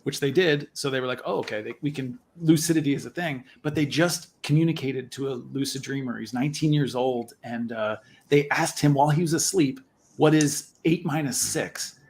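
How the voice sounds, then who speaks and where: A man's voice: mid-range voice, normal speed, darkish tone, slight background noise. A man, a guest on a livestream, explaining enthusiastically. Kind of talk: casual livestream chat.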